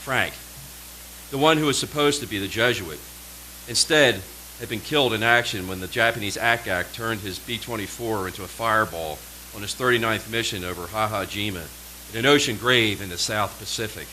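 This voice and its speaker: At a small performance space, a man delivers his poetry in a measured, dramatic way, pausing slowly for emphasis. The voice is low but bright and forceful, and the poor audio carries a faint hiss.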